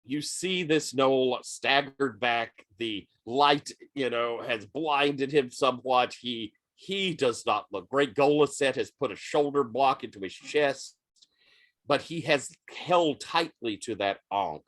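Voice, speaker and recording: A man narrating as game master of a tabletop role-playing game, with a loose, filler-heavy delivery. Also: medium pitch. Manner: unhurried, lively narration with many fillers.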